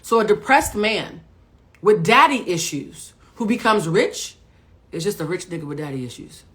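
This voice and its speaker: A woman's voice: medium pitch, animated, normal speed, a bit bright. A middle-aged woman coaching viewers on a live stream, blunt and profane, firing rhetorical questions like a preacher. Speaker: emotional intelligence coach.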